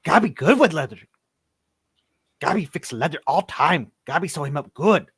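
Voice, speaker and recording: A man voicing an eager little goblin who speaks in halting, broken grammar. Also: a little high, animated, fairly bright tone, husky, no room sound, clean studio sound, pitched above the performer's own voice, heavily acted.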